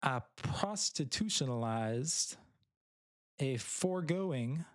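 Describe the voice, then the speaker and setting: A man's voice: fairly high pitch, dry recording, studio quality. A man putting on the voice of a pompous, long-winded male preacher who draws out every grand, made-up word. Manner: slow, grandiose, drawn-out.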